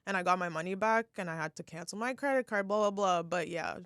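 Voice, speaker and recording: A woman's voice: lowish voice, quick pace, fairly bright tone, no room sound, studio quality. A young woman chatting casually on a podcast. She laughs often and trails off mid-sentence. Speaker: podcast co-host. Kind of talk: casual chat.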